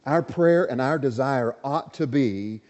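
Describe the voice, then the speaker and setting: Male pastor, earnest sermon, mellow tone, dull reverberant recording. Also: medium pitch, a little slow. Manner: earnest, emphatic, asks the congregation questions.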